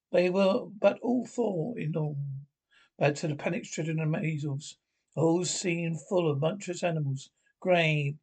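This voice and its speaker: A man's voice: a little high, darkish tone, husky, poor audio. A man reading a classic children's story aloud, with frequent slips and restarts. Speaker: reader.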